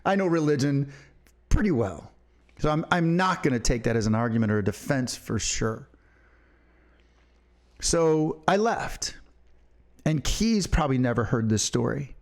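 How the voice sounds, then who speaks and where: A man's voice: medium pitch, lively intonation, measured pace, pauses often, a little mellow. A middle-aged man and podcast co-host, talking in a fiery, profane and emphatic way. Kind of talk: impassioned opinion talk.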